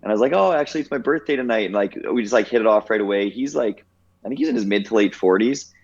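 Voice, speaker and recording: A man's voice: lowish voice, quick pace, vocal fry, a little mellow, slightly rough, dull audio. A man in his thirties, a podcast guest, telling a personal story in a casual, reflective way with many "like"s. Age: 30s. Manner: reflective, heavy use of "like".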